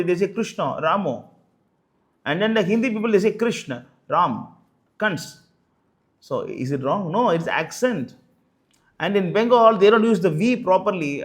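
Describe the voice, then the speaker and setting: Man with a slightly high voice arguing back point by point, lots of uh and you know. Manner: argumentative, with frequent "you know" and "uh" fillers. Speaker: presenter. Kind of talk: spoken rebuttal commentary.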